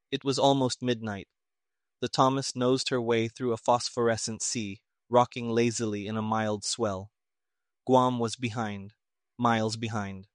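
A man narrating a mystery story in an even, measured reading. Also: medium pitch, smooth, no room sound, studio quality. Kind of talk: audiobook narration of a pulp mystery.

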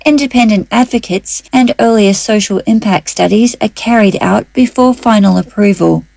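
A woman with an Australian accent reading a local radio news bulletin in a measured, formal way. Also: medium pitch, dark tone, no room sound. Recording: dry studio sound.

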